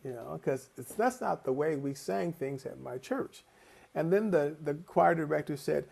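A choral conductor giving a conference lecture over a video call, telling personal stories in an animated way and acting out the voices he quotes. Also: on the high side, moderate pace, vocal fry, slightly rough.

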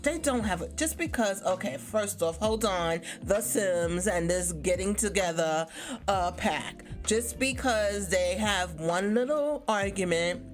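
A woman chatting her way through a life-sim let's play, animated and quick to laugh. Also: mid-range voice, faint music behind. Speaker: gaming YouTuber. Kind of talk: casual let's play commentary.

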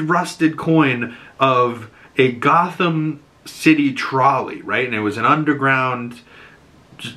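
A podcast host, a man, talks through a TV episode in a relaxed, rambling way, peppering it with swears and "you know"s. His voice has a bright, slightly tense edge, and his pitch sits in the middle. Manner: loose and profane, chatty fillers. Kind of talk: casual TV episode recap.

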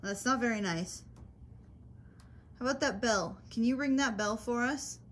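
A woman paranormal investigator calmly and persistently asking questions of spirits during a ghost hunt. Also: on the high side, unhurried. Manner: calm, coaxing, persistent questions.

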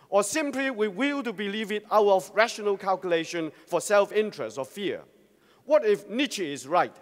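A man giving a formal, prepared address to a Christian congress, speaking in a measured, earnest and rhetorical way. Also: sits high. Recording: long reverb of a large hall.

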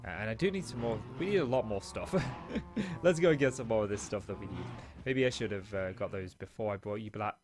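A man's voice: lowish voice, animated, a little fast, music in the background. A man in a small home office, chatting casually and rambling with self-mocking asides while he plays and comments on a game. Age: adult, father of a school-age daughter. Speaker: let's play host.

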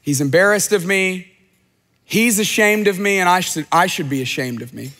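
Male pastor with a high voice, earnest conversational sermon, ringing church hall. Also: moderate pace, sharp tone. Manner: earnest, conversational preaching with repeated phrases. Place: large church auditorium.

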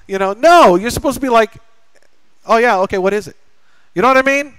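A middle-aged pastor with a high, expressive, slightly bright, clear and resonant voice preaches briskly in a church sanctuary, leaving long pauses. He tells a family story, acting out dialogue and joking chattily with the congregation. The recording is rough, with no room sound.

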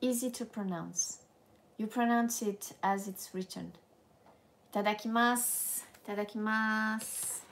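A woman with a French accent and a medium-pitched voice is teaching a live language lesson. She keeps an unhurried pace but stays playful and animated, laughing often and drifting into French.

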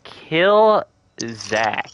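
A man chatting casually and swearing while playing a co-op game, jokey and excitable. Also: a little high, drawn-out words, highs cut off, slight background noise. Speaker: streamer playing co-op. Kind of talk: casual gaming chat.

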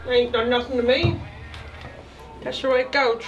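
An actress playing a rude, gum-chewing small-town store clerk who talks in a rough folksy drawl. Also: female voice, high voice, fairly even intonation, moderate pace, highs cut off, soft background music. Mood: cranky. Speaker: small-town shopkeeper and radio dispatcher. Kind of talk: comedic film acting.

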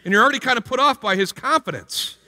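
A middle-aged pastor delivers an energetic sermon, acting out little scenes in playful voices. His voice is bright and sharp and rides up and down. Long reverb from a church hall trails behind him. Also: very high voice, fast talker. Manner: animated, jumps into playful character voices and exclamations. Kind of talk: energetic sermon with acted-out stories.

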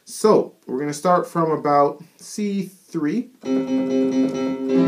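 An upbeat man teaching a singing lesson, walking through chest-voice warm-ups and often checking in with "all right?" His voice sits at a middle pitch. Soft guitar plays faintly underneath.

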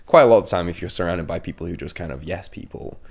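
A man's voice: low voice, fast, a little mellow. A man, a band's singer, chatting candidly in an interview, often restarting his sentences. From England. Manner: rambling, self-interrupting, candid. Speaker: band singer, interview guest. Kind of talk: casual interview chat.

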